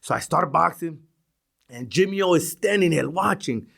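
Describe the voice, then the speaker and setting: Animated New York man telling stories. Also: on the high side, moderate pace, creaky. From Brooklyn, New York. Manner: animated, restarts a lot, acts out quotes. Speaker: guest. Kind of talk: casual storytelling interview.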